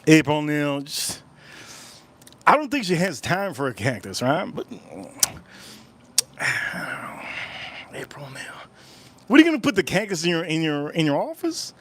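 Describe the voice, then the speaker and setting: A man's voice: a little high, sing-song, brisk, fairly bright tone. A man hosting a casual livestream, rambling and repeating his phrases as he chats with viewers at home. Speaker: livestream host.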